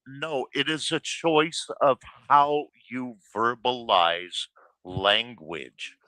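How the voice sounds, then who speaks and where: A man's voice: mid-range voice, extremely slow, sharp tone, no room sound, poor audio. A man lecturing emphatically and scolding others in a heated group chat.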